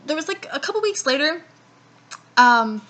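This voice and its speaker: A young woman talks straight to camera in a casual storytime vlog, her voice pitched high and sounding bright and clear. She rambles through a long personal story, swears freely and acts out the lines of everyone involved. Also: normal speed. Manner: profane, rambling, animated retelling with quoted dialogue. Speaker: vlogger.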